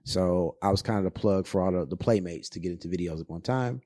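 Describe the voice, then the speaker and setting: A man's voice: low-pitched, fast, warm tone, no echo. A man in his forties telling stories as a podcast guest in a loose, profane way, full of fillers. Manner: loose and profane, with many fillers and acted-out quotes. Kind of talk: casual storytelling.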